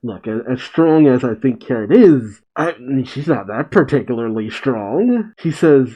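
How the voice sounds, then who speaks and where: A man's voice: medium pitch, a little slow. A man reading a comic chapter aloud and reacting to it in casual commentary. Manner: animated, reads dialogue aloud and reacts. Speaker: manga reaction host. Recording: dull lo-fi sound.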